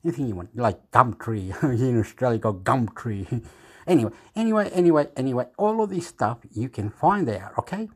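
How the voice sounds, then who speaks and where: A man vlogging into a phone at home, meandering and halting as he searches for words, chuckling often. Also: mid-range voice, animated, breathy edge. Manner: meandering, keeps repeating "anyway", chuckles often. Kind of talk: rambling casual chat to camera.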